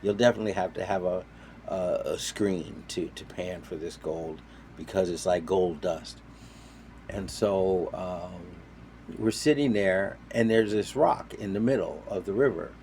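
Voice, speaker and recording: A man casually telling a story, animated, jumping between loud quoted voices and quiet asides. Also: deep voice, a little slow, slight background noise. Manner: animated, acts out quoted voices with sudden loud and soft swings. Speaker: storyteller on a talk show.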